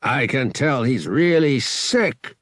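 A man voicing a gruff, grumbling male ship captain who shouts and curses. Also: mid-range voice, expressive, takes it slowly, no echo, studio quality.

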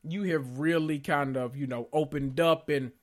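A man's voice: fairly high pitch, steady tone, normal speed. A man hosting a podcast, giving sassy, blunt commentary with dramatic emphasis. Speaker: podcast host. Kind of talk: casual pop-culture commentary podcast.

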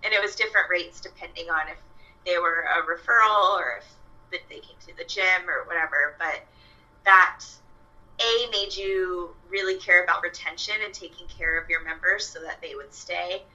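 A woman's voice: fairly low pitch, normal speed, bright, forceful tone, dull audio. A young woman, a fitness coach, chatting casually with lots of fillers and quoted asides. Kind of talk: casual podcast chat. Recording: voice a bit far from the mic.

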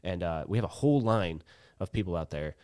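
A man, telling a story as a guest in a casual chat, animated and swearing freely as he acts out the dialogue. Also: deep voice, a little fast, smooth, dry recording. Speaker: podcast guest.

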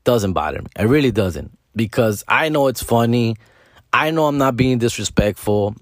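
A man's voice: medium pitch, animated, normal speed, dry recording. Rambling, cussing man on a dry mic. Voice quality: profane, rambling, mixes in Spanish slang. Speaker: social media comedy creator. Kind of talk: casual vlog monologue.

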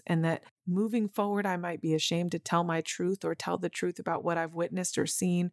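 A woman's voice: lowish voice, no room sound, studio quality. A woman in her thirties hosting a podcast, telling a personal story in an earnest, emotional way and talking straight to her listeners. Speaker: podcast host.

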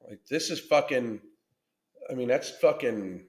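A man's voice: medium pitch, lively intonation, measured pace. A man hosting a podcast, ranting through a blunt, combative reaction commentary full of swearing. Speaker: podcast host. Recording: roomy echo.

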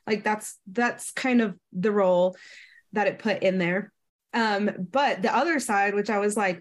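A woman in her thirties talks through ideas in relaxed conversation. She explains step by step and now and then acts out short quoted lines. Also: medium pitch, moderate pace. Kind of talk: casual educational chat.

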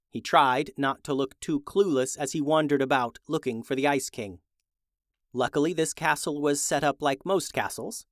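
Male narrator for a kids' adventure story, slightly high voice, lively, close dry sound. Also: no room sound.

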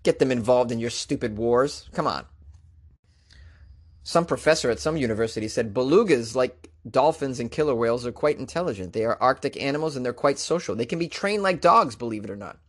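A man's voice: mid-range voice, animated, fairly quick. A man reading odd news stories aloud and breaking in with sarcastic, incredulous asides, in a casual comedic commentary style. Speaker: podcast host reading news.

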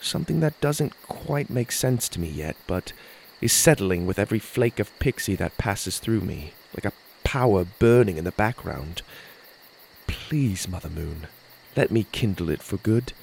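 A man reading a first-person fairy-tale story in an earnest, expressive way. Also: lowish voice, moderate pace, creaky, slight background noise, rough recording. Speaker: storyteller and podcast host.

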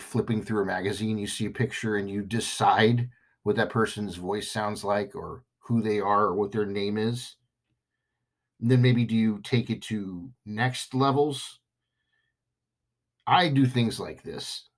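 Brief: male podcast host, slow and rambling, self-mocking jokes. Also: fairly low pitch. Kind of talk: comedic podcast monologue.

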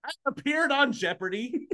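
A man in his forties, a play-by-play announcer co-hosting a sports podcast in casual, dry, self-mocking chat, quick to laugh. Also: extremely high pitch, animated, pushed and bright.

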